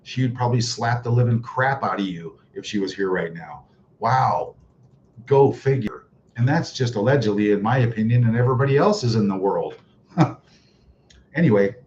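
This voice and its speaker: A man's voice: lowish voice, animated, normal speed, a little mellow. A man hosting a casual livestream, reading viewer comments in a mocking, sarcastic way and chuckling often. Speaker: livestream host reading chat. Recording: dull lo-fi livestream audio with faint noise.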